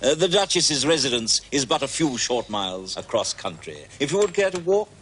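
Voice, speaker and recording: A dry, deadpan butler who answers with stiff deference and quiet insolence. The voice is bright and a little raised, with a lively lilt and faint noise behind. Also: male voice, medium pitch, brisk.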